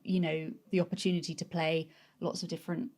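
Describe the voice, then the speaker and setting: A woman's voice: on the low side, flat delivery, brisk, darkish tone. A woman co-hosting a podcast interview, asking loose, filler-heavy questions in casual chat. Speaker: podcast co-host.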